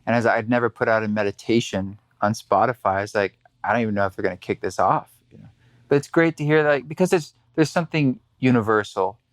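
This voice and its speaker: A man's voice: lowish voice, fast, dry recording. Reflective man hosting a podcast. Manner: reflective, rambling with many fillers. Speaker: podcast host. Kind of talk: casual conversation.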